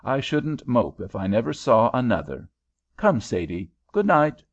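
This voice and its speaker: A man's voice: mid-range voice, big pitch swings, unhurried. A nervous older American aunt, read by a man, fretful and folksy. Her lines rise and fall a lot, and the recording sounds dull and lo-fi.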